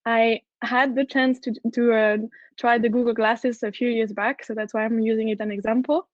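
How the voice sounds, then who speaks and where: Brief: woman with a French accent, conference speaker, fairly high voice, earnest and keen, dull dry recording. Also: level tone, normal speed, dry recording. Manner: enthusiastic, earnest, with frequent restarts. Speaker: head of product, conference speaker. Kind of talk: conference talk.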